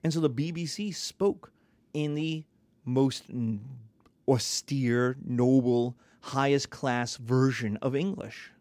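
A man lecturing on history in a lively, conversational way, sometimes acting out little voices. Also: mid-range voice, slow pace, no room sound.

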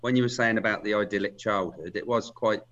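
A man's voice: fairly low pitch, fairly even intonation, a little fast, a bit bright. A man in his sixties chatting about films, agreeing readily and often chiming in. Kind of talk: casual film chat. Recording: muffled lo-fi sound.

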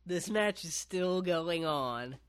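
A man's voice: on the high side, lively intonation, takes it slowly, a bit bright, smooth. A man casually recapping a wrestling match on a podcast, laid-back, with lots of ums and casual swearing.

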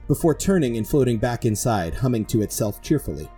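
A man with a mellow, slightly husky voice narrates a tabletop adventure as game master. His storytelling is measured and descriptive, and his pitch rises and falls with lively movement. Soft music plays faintly behind him. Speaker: dungeon master.

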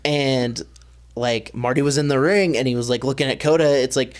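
A man's voice: medium pitch, steady tone, moderate pace. A young man co-hosting a casual podcast chat, rambling with many fillers. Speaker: podcast co-host.

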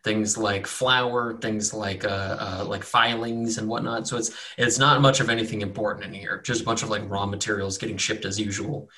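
A man's voice: on the low side, steady tone, moderate pace, few pauses, sharp tone. A man narrating as game master in an easygoing, rambling way, with frequent fillers.

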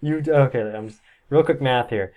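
A man's voice: medium pitch, a little fast, a little mellow. Male GM, casual and profane, rambling narration. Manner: casual, swears often, lots of filler words. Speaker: game master. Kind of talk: narrating a tabletop game.

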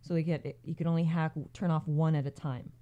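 Woman, low voice, casual movie chat, easygoing explainer. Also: level tone, a little fast, highs cut off.

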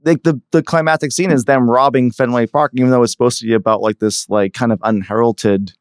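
A man rants quickly and casually, peppering his talk with swearing. The sound is dry and close, with little room behind it. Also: mid-range voice, fairly even intonation, clean tone, no echo. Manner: fast, ranting, swears a lot. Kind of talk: casual chat.

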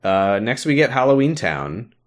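A man co-hosting a podcast, casually recapping a video game with lots of fillers and quick laughs. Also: mid-range voice, very animated. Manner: rambling, with many fillers, laughs and acted-out quotes. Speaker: podcast co-host.

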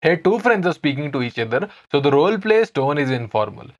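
Indian woman, co-host, lively up-and-down pitch, scripted lesson, reads lines for learners. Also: fairly quick.

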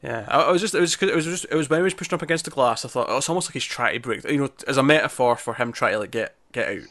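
A man's voice: medium pitch, very fast, a bit bright, dry recording. A man, chatting casually as he recaps a TV episode, often acting out quotes. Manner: chatty, lots of fillers and acted-out quotes. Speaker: podcast co-host.

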